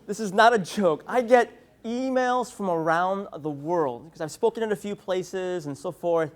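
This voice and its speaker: A man in his thirties from San Francisco, giving a humorous conference keynote with storytelling and playful asides to the audience. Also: high-pitched. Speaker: keynote speaker. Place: conference hall.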